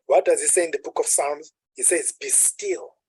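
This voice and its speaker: A man preaching a sermon in an unhurried teaching manner. He asks rhetorical questions and drops to a hush on calm words. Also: on the high side, husky, no echo, low-quality recording.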